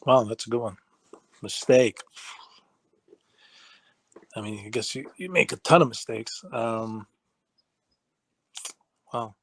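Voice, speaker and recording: A man's voice: mid-range voice, takes it slowly, pauses often, fairly bright tone, no echo. A middle-aged man, a martial arts instructor, telling stories in a casual interview, acting out quoted voices and laughing easily.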